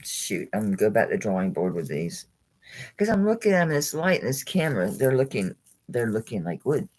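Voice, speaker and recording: A woman's voice: rumbling low, sing-song, brisk, a little mellow, poor audio. A woman hosting a live jewelry sale stream, rambling chattily, thinking aloud, laughing often and talking to viewers by name. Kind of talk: casual live-stream selling chat.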